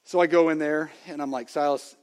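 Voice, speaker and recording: A man in his thirties preaching a sermon, telling a family story with animated swings between loud and hushed delivery. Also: a little high, fast, clear, resonant tone. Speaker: pastor. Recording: long reverb of a large hall.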